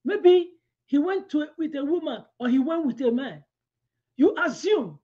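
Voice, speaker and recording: A woman giving a devotional teaching, mixing scripture with a personal story in an animated, chatty way. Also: high voice. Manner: animated storytelling, quick asides, laughs while telling. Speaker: devotional speaker. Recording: lo-fi dull sound.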